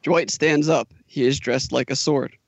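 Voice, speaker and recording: A man narrating a comedy script in a deadpan, matter-of-fact way. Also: mid-range voice, measured pace, vocal fry, dry recording. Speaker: comedy podcast co-host reading a script.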